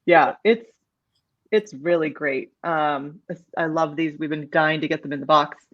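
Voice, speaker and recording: A woman's voice: sits low, fairly even intonation, unhurried, no echo, muffled recording. A woman cohosting a food podcast, encouraging and agreeable, with many short affirmations. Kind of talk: casual podcast chat.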